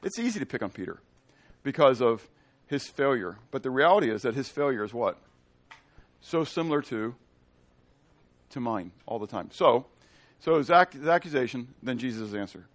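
A man's voice: medium pitch, normal speed. A man preaching a sermon in a casual, playful way, often acting out the people in his story. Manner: animated, playful, acts out quotes. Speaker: pastor.

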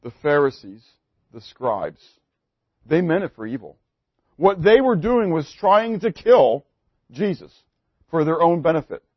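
A man preaching a sermon, swinging between loud emphasis and hushed asides and putting questions to the congregation. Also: on the high side, big pitch swings, measured pace, pauses often, slightly rough, no echo, highs cut off. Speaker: pastor.

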